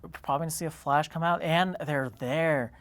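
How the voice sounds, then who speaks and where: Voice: medium pitch, steady tone, a little fast, fairly bright tone. An esports co-caster giving chatty color commentary and laughing along with a partner.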